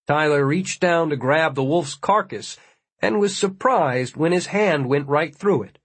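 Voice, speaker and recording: A man narrates an audiobook with measured, even storytelling. His voice is fairly high and husky, in a dry recording.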